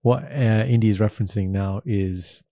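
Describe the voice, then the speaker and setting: A man co-hosting a podcast in rapid, animated casual chat. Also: lowish voice, no echo. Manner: rapid, animated, mixing in Punjabi. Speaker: podcast co-host.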